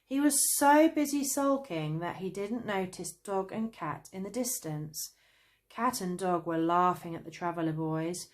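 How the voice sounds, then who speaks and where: A woman with a British accent narrating a children's story, gentle and even. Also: fairly low pitch. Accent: British English. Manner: slow, gentle, lively voices.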